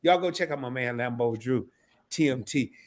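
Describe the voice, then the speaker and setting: A man's voice: medium pitch, normal speed. A man hosting a casual live stream, talking loosely, repeating himself and breaking into laughter.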